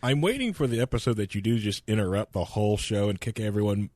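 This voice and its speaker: Low voiced guy rambling about tech stuff, jokey co-host, dry close mic. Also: expressive, quick pace, darkish tone, dry recording. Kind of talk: casual pre-show banter.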